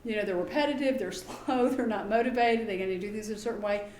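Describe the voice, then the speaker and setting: A woman giving a talk to parents as a behavior specialist. She is chatty and lively and often acts out quoted dialogue. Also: medium pitch, quick pace, echoey room, slight background noise. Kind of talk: presentation to an audience.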